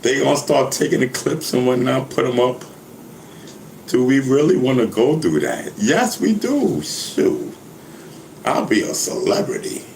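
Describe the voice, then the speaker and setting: A rapper and vlogger rambles casually in a loose, joking monologue, laughing often and checking in with his listener after nearly every sentence with "you know what I mean." His voice is in an ordinary middle range for a man, with lively intonation, an unhurried, laid-back pace, creakiness, and a slightly mellow quality. The room is echoey, with a faint hum running underneath.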